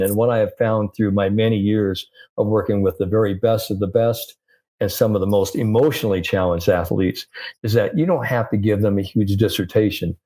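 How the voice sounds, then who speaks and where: Animated storytelling man. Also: on the low side. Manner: animated storyteller acting out quoted dialogue. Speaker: sports psychologist guest. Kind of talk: anecdotal interview storytelling.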